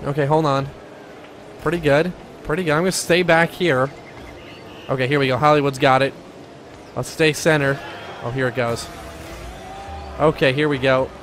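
A man giving excitable commentary over his own gameplay, shouting and laughing at near misses and goals. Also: medium pitch, normal speed, pauses often, a little hiss or hum. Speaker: gaming YouTuber.

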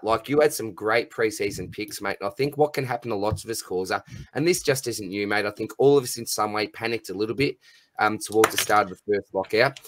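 A man's voice: fairly low pitch, fairly bright tone, no echo. A man hosting a casual podcast chat, jokey and laddish, calling everyone mate. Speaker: podcast host.

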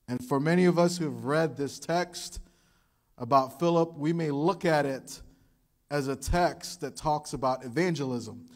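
Lively, animated male pastor preaching. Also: a little high. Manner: animated storytelling with acted quotes. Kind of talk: sermon. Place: church.

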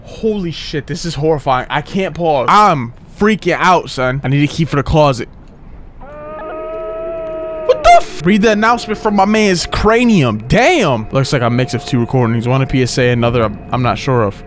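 A young man streaming a horror game, talking in slang, yelping and shouting whenever he gets scared. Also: on the high side, a little fast, few pauses, slight background noise. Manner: excitable, yelps and shouts when scared, slangy. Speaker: gaming streamer. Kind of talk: horror game let's play commentary. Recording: game music playing behind.

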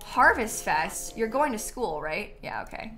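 A young woman chatting casually to her viewers while playing a game live, animated and talking back to the game. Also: on the high side, unhurried, music in the background. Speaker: streamer. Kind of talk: casual live-stream gameplay chat. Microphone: headset.

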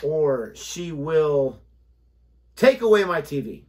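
A woman co-hosting a reaction video, chatting casually with relaxed joking asides. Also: low voice, slow, a little hiss or hum. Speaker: reaction channel co-host. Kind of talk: casual chat.

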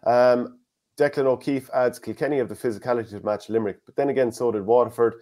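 Irish guy hosting a sports podcast, quick chatty delivery, reads out comments. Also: medium pitch. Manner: fast, animated, reads listener comments aloud. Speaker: podcast host. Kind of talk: casual sports chat.

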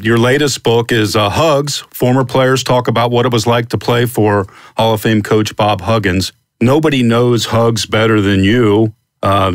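A man's voice: on the low side, dry recording. Upbeat man hosting, dry sound. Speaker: podcast host. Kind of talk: interview questions.

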